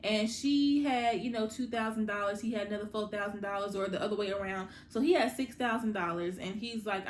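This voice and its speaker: A woman hosting a casual TV recap, chatting directly to her viewers and quickly paraphrasing what the characters said. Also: medium pitch. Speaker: TV recap host. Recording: roomy echo with faint background hum.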